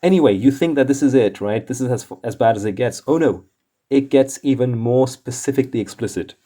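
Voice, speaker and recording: A man's voice: mid-range voice, a little fast, dark tone. A man hosting comics commentary in a casual, rambling way, exasperated and chuckling often.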